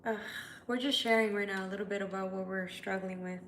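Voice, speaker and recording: A woman's voice: medium pitch, steady tone, fairly quick, a bit bright, a little hiss or hum. A tired woman who reads tarot, chatting candidly and emotionally with viewers on a livestream, swearing casually. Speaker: tarot reader.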